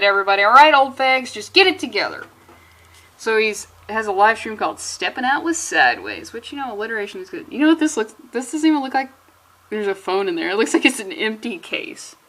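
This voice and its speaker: Chatty woman with a higher voice. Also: pushed and bright. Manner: chatty, jokey, trails off and restarts mid-thought. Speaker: comic book reviewer. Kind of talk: casual comic review vlog.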